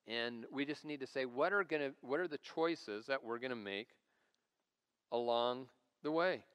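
Here the forties-aged lead pastor preaches at a normal speed in a mid-range voice that's a bit bright, clear, and resonant. The live church sanctuary recording carries hall reverb as he tells stories casually and laughs at himself.

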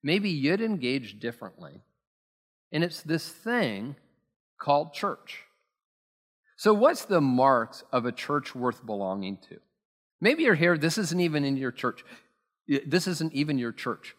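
A man's voice: medium pitch, fairly bright tone. A man preaching a sermon as pastor, telling stories in a chatty, self-deprecating way with plenty of fillers. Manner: conversational, self-deprecating storytelling with many fillers. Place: church sanctuary. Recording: long reverb from a church hall.

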